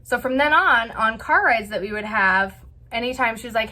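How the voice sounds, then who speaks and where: A woman's voice: a little high, normal speed. Chatty woman telling a family story. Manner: chatty, animated, heavy on filler words. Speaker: vlog host. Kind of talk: casual storytelling.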